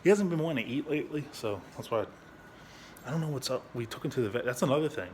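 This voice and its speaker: A man's voice: fast talker, slight background noise. A man talking bluntly in a casual, rambling vlog at home, swearing often and restarting his sentences. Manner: high baby-talk voice when speaking to his dog. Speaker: veteran vlogger.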